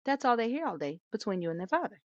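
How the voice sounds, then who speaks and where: A woman's voice: mid-range voice, big pitch swings, fast talker, no echo. A woman co-hosting a podcast, telling personal stories in a boisterous, emphatic way. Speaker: podcast co-host. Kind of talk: casual podcast chat. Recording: dull, lo-fi, dry sound.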